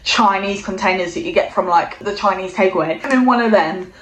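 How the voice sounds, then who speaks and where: A woman's voice: mid-range voice, fairly quick, a little hiss or hum. Sweary woman telling a comic story. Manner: casual, sweary, deadpan storytelling. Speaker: vlogger. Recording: roomy echo.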